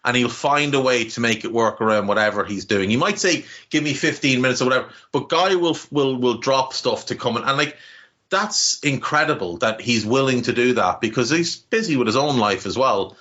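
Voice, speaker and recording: A man's voice: mid-range voice, expressive, normal speed, pushed and bright, muffled recording. A man with a Navan Irish accent, co-hosting a podcast in casual chat, rambling and heartfelt with many restarts and casual swearing. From Ireland. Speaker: podcast co-host.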